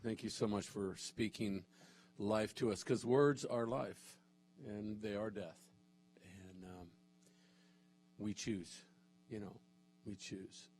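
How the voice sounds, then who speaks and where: Male pastor, lower voice, halting with fillers, closing a church service. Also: steady tone, darkish tone, husky. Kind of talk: sermon. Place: church sanctuary.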